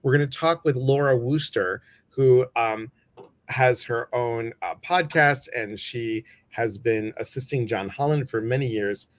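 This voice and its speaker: A man's voice: mid-range voice, unhurried. Chatty man hosting a live stream. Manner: chatty, greets viewers, many fillers. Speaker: host. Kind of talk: casual live-stream chat.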